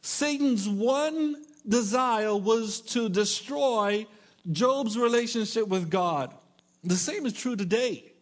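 Middle-aged male pastor, very high pitch, emphatic sermon delivery with playful asides. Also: slow pace. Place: church with congregation.

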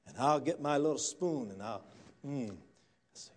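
A male preacher, delivering a church sermon as a folksy storyteller who swings from quiet murmurs to loud, fired-up preaching. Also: medium pitch, lively intonation, moderate pace, breathy edge. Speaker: guest pastor. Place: church sanctuary.

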